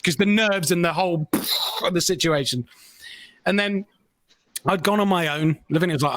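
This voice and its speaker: A man spins a self-deprecating story on a podcast, his voice sitting somewhat high. He acts out the lines of people in his tale with animated energy. The sound is dry and close to the mic. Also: no echo. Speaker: podcast co-host. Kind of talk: casual storytelling chat.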